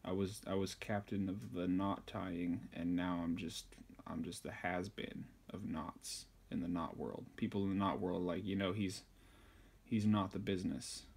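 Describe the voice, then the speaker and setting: A man's voice: low-pitched, fairly even intonation, normal speed, creaky, darkish tone, slightly rough. A man giving a crude, insulting, rambling comedic tutorial on sewing a button. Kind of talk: profane comedic tutorial rant.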